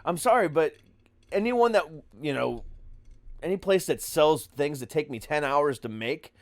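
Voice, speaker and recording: A man's voice: on the high side, animated, a little slow, no echo. A man hosting a podcast in casual chat, joking and rambling with many fillers. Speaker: podcast host.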